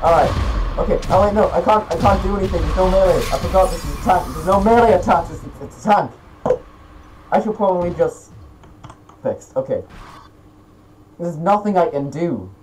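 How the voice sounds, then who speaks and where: Teen male gamer, slightly high voice, rants and shouts at his game over a desk mic with faint hiss. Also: moderate pace, long pauses, rough recording. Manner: excitable, swearing, yelling outbursts. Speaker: gaming YouTuber. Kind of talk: gameplay commentary.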